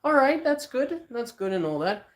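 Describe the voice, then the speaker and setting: A man's voice: very high voice, sing-song, moderate pace, reverberant. A man cooking in his home kitchen on a livestream, rambling casually and answering viewers' comments as he works. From South Africa. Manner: rambling and chatty, talks back to viewers' comments. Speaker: cooking streamer answering chat.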